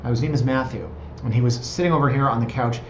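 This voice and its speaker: A man's voice: mid-range voice, quick pace, a little mellow, roomy sound, muffled recording, slight background noise. A man in his thirties, a real estate agent, talking casually and digressively in a vlog from his office. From Canada. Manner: chatty, digressive, self-deprecating.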